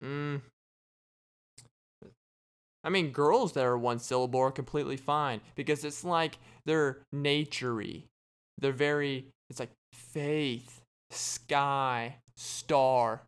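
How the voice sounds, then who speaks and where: A man hosting a podcast, giving a casual joking monologue in a deadpan way and acting out little imagined conversations. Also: mid-range voice, slow, clear, resonant tone. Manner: deadpan, joking, acts out quoted exchanges. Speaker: podcast host.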